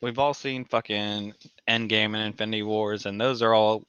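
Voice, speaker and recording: Low-voiced man, dull dry recording. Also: flat delivery, moderate pace, a bit bright, smooth, no echo. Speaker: podcast co-host. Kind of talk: casual chat.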